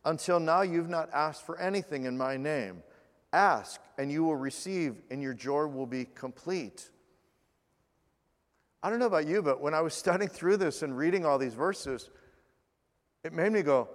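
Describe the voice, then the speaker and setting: A man preaching a sermon as pastor, earnest, slowing down for scripture and dropping to a hush in prayer. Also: on the high side, animated, long reverb tail.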